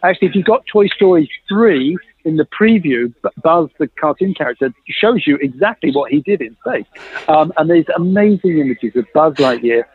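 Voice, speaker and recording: A middle-aged man, a guest on an interview show, telling a story with lively, self-mocking humor and acting out the dialogue he quotes. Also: fairly high pitch, husky, no echo. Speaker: guest, innovation consultant. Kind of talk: animated anecdote telling in a podcast interview. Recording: dry, tinny phone-like line.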